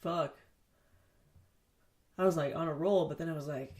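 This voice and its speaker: A woman with a deep, steady, slightly mellow voice hosts a solo podcast from her home basement studio, speaking at a moderate pace with long pauses. She rambles casually, swears often, and jokes at her own expense while talking into the wrong side of a studio mic.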